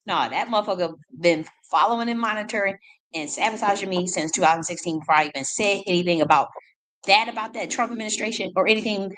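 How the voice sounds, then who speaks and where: A woman's voice: mid-range voice, a bit bright, poor audio. Profane ranting woman. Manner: blunt, profane, combative, rapid repetitions. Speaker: independent artist. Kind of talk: ranting monologue.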